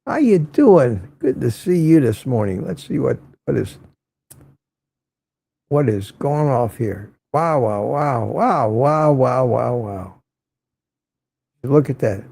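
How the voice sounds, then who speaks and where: A man's voice: mid-range voice, expressive, slow pace, vocal fry, pauses often, warm tone, breathy edge. A man hosting a casual morning livestream, greeting viewers by name and reading their chat messages, chatty and chuckling often, repeating himself.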